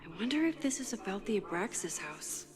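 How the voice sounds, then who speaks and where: An actress voicing Max, a quiet and thoughtful young woman photographer in a game, talking softly in inner monologue, often close to a whisper. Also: mid-range voice, big pitch swings, a little fast, lightly acted. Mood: reflective. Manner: soft, introspective, often near a whisper. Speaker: game character. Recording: game audio with long reverb and music. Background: game music.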